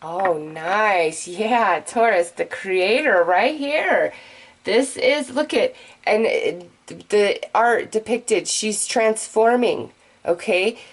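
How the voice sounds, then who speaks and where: A woman giving a general tarot reading straight to her viewers, excitable and gushing, talking in quick bursts. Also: mid-range voice, poor audio. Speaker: tarot reader.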